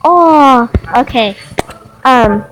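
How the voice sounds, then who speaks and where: A young woman casually commenting while playing a game, excitable and giggly. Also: high voice, a little hiss or hum, poor audio. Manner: excitable, giggly, slow and drawn-out. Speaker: game player.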